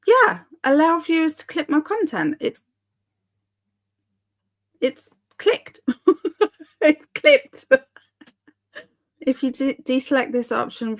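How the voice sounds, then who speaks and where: Young woman, live-stream host, unhurried, light upper voice, casual bemused chat with viewers. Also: sits high. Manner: chatty, giggly and bemused. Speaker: livestream host.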